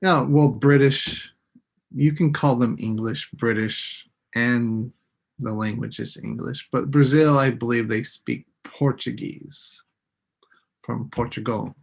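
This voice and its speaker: A man teaching an English lesson on a live stream, slowly repeating each word for his students. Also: mid-range voice, fairly even intonation, vocal fry, breathy edge. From United States. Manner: slow, deliberate, repeats words for students.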